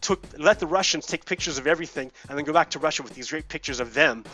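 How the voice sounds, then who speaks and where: A man's voice: on the high side, fast talker, bright, forceful tone, faint music behind. Heated, swearing man ranting over gameplay. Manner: heated, profane, repeats himself. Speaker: let's play host. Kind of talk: casual political rant while gaming.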